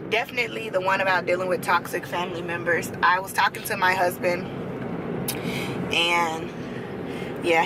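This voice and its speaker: A woman in her thirties vlogs from the passenger seat, chatty and animated, quick to laugh between stories. Her voice sits at a mid pitch over steady road noise from the moving car. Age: 30s. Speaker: vlogger. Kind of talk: casual chat to camera.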